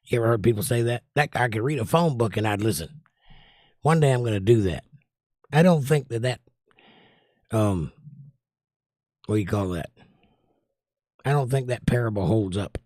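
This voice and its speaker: A man's voice: mid-range voice, normal speed, long pauses, no room sound, studio quality. A man hosting a casual livestream from home, chatting loosely and reading viewer comments aloud at his desk microphone. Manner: relaxed, rambling, reads viewer comments aloud. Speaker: livestream host reading chat. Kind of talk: casual chat. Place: indoors at home by a window.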